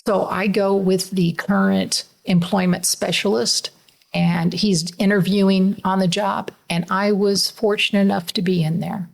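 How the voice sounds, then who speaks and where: Earnest middle-aged woman with gravelly voice. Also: mid-range voice, level tone, unhurried. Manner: earnest, emotional, laughs through tears. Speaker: podcast co-host, mother. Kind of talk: casual podcast conversation.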